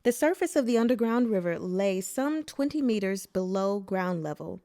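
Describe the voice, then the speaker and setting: A woman reading a novel aloud as narrator, in a plain, steady storytelling manner. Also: medium pitch, normal speed, no echo, clean studio sound. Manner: plain steady narration, voices dialogue briefly. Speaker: audiobook reader.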